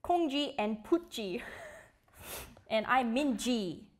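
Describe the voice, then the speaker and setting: A young woman hosts a live quiz stream, her voice sitting high. She chats playfully and giggles as she reads out viewer comments. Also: expressive, slow. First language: Korean. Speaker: host of a live quiz show.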